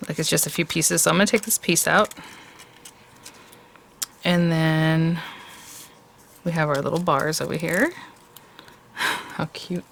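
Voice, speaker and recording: A woman's voice: low-pitched, vocal fry, fairly bright tone, a little hiss or hum. A woman hosting a craft tutorial, chatting casually and thinking aloud as she works.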